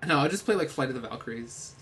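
A man co-hosting a casual podcast chat, animated and excitable. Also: medium pitch, fast. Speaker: podcast co-host.

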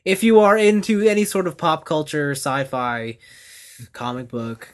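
A man's voice: on the high side, very animated, unhurried. A man co-hosting a casual pop-culture podcast, upbeat and leading the topics. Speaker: podcast co-host. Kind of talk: casual chat.

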